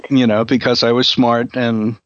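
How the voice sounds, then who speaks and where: An older man with a New York accent hosting an interview, relaxed and joking, often pausing with filler sounds. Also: mid-range voice, no echo. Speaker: interview host. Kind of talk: casual chat. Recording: dull lo-fi dry sound.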